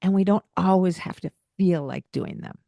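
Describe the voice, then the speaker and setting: A woman's voice: fairly low pitch, moderate pace, creaky, warm tone, no room sound. A woman hosting a parenting podcast in casual chat, laughing often and acting out the lines a parent might say.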